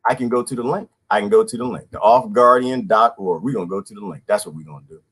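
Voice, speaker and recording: A man's voice: on the low side, quick pace, fairly bright tone, husky. A man in his twenties ranting casually on a livestream, slangy and laughing often. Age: 20s. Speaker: vlogger.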